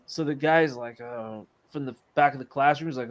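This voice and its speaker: A man's voice: mid-range voice, moderate pace, few pauses. A man in casual chat, rambling through a joke with many restarts.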